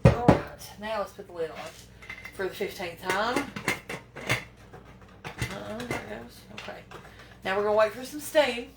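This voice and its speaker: Speaking a little slowly with a mid-range voice, some vocal fry, and frequent pauses, a woman cooks in her home kitchen and chats folksily to viewers, fretting as she fumbles. She is far from the mic, amid heavy background noise, echo, and clattering pans.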